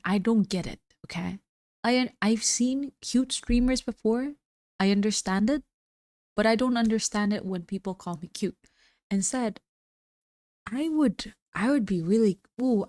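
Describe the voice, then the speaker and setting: A woman streamer with a mid-range, darkish voice reads viewer messages aloud and answers them in a casual chat. She is slightly losing her voice, so it sounds a little worn. The audio is studio quality with no room sound.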